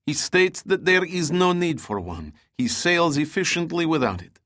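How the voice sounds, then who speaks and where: A woman's voice: low voice, big pitch swings, normal speed, a bit bright, voice pushed up. A man voicing a brusque, dismissive woman translator with clipped, formal phrasing.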